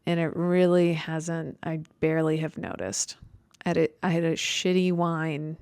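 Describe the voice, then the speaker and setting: A woman's voice: low-pitched, level tone, moderate pace, darkish tone, clear, resonant tone, no room sound. A young woman hosting her podcast, rambling in a self-mocking, conversational way with many fillers. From Chicago. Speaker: podcast host. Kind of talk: stream-of-consciousness monologue.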